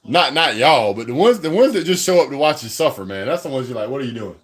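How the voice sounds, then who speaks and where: Excitable man on a livestream. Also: fairly high pitch, quick pace. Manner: excitable, laughing, trash-talking. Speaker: fan livestream host. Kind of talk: live fan reaction stream. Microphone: phone held at arm's length.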